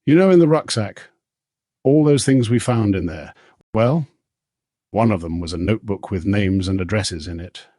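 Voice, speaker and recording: A man with a husky voice reading the part of a hurt, defensive young male daemon in an audiobook. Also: on the low side, normal speed, mellow, no room sound, clean studio sound, close to an everyday voice. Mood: earnest.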